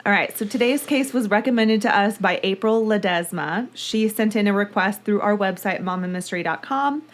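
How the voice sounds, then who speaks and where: A woman with a mid-range voice hosts a podcast at normal speed, chatting casually before narrating a true-crime case. She's gushing and talkative and reads listener mail aloud.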